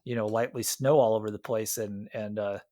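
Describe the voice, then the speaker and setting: Iowa dude rambling about an old movie, lots of uhs and restarts, dry mic. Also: male voice, on the low side, steady tone, a little fast, dark tone, no echo. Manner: rambling, many restarts and fillers. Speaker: podcast co-host. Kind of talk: casual movie chat.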